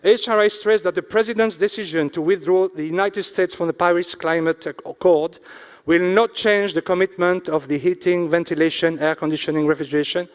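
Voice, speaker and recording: A man hosting an awards ceremony in a hotel event hall. He reads out sponsors slowly and drops jokes between them. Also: high voice, steady tone. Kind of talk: emcee announcing and joking on stage.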